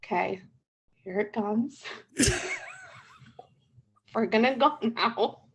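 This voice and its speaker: This is a woman co-hosting a podcast, her voice sitting a little high. She talks in an animated, loose way, swears freely and laughs often. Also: slow pace, slightly rough, dull audio. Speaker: podcast co-host. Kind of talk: casual chat.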